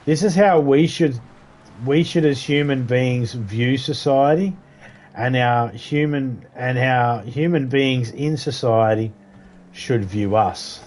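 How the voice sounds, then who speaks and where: A man's voice: medium pitch, takes it slowly, darkish tone. Swearing man chatting casually. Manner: profane, rambling storytelling. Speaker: game streamer. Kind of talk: casual chat while gaming.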